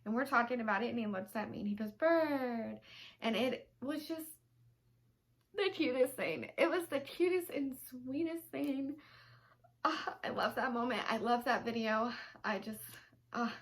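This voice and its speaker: Chatty young mom gushing to camera. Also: female voice, a little high, moderate pace. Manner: chatty and gushing, full of ums. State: emotional, close to tears. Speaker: vlogger mom. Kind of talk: casual talk to camera. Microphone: camera mic, seated.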